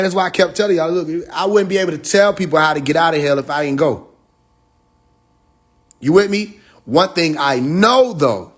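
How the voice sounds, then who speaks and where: Laughing man telling stories to followers. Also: on the high side. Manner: laughs often, addresses listeners directly; slangy storytelling with acted quotes. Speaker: spiritual speaker on a livestream. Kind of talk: casual livestream talk to followers.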